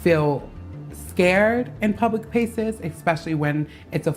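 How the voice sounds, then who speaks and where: A woman's voice: lowish voice, unhurried. A woman speaking candidly in a documentary-style interview, reflecting on her life in the city. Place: New York City. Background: background music.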